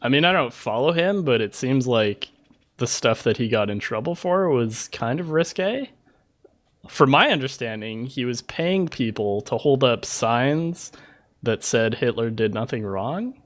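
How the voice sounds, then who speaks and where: A man's voice: mid-range voice, lively intonation, a little slow. Laid-back male podcast host explaining. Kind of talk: casual gaming podcast chat.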